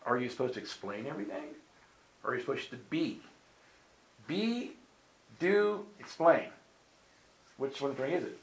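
A male preacher tells a long story to a gathered crowd, switching into character voices as he goes. His voice sits at an ordinary middle pitch. The hall around him is roomy and echoing. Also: quick pace. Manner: animated storyteller acting out voices. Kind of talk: storytelling sermon. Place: meeting room with audience.

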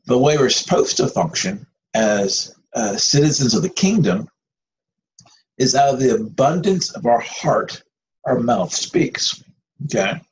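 Gravelly man preaching an informal sermon. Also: medium pitch, lively intonation, a little slow. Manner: conversational, rambling with restarts and asides. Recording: dull lo-fi recording with faint noise.

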